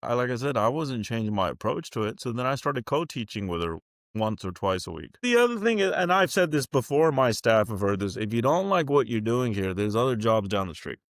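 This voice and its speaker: A man's voice: mid-range voice, big pitch swings, brisk, no echo, studio quality. A man who leads a school district, talking in a casual interview in a plain-spoken, folksy way and acting out the conversations he quotes. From California.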